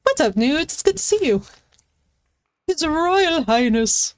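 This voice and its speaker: A woman's voice: sits high, big pitch swings, unhurried. A woman streaming a game live, chatting playfully with her viewers and cooing at her dog. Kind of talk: casual live-stream chat. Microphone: headset.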